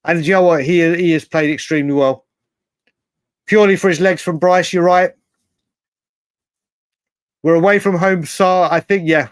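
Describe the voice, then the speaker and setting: The host of a live fan stream, a man with a fairly high voice on a dry recording, chats his way through viewer comments. He's animated, repeats himself a lot, and swears now and then.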